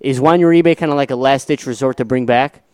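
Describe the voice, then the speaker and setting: A man with a Chicago accent co-hosting a casual sports talk show, laid-back and self-deprecating, with halting restarts. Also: mid-range voice, a little mellow, smooth, no echo. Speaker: podcast co-host.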